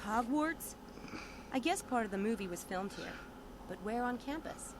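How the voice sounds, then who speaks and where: A woman's voice: fairly high pitch, lively intonation, normal speed, background noise, lightly acted. An actress playing a curious, wry young woman adventurer in game dialogue, with music behind her. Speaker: game protagonist.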